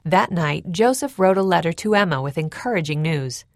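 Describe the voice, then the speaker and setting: A woman reads a historical narration in a measured, even storytelling manner. Her voice sits somewhat low, and the studio recording is close and dry, with no room echo.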